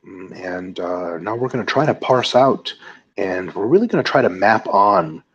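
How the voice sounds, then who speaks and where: A man doing a mocking impression of a calm, slow, measured male public intellectual, with a deep, husky voice and deliberate, hesitant phrasing. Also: highs cut off. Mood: musing.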